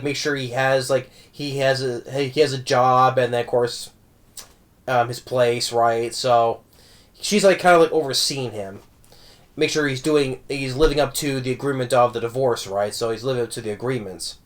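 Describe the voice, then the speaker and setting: A man's voice: medium pitch, normal speed. A man giving a casual spoken film review, rambling, with many restarts and tag questions. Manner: warm, amused fan talk. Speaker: movie reviewer.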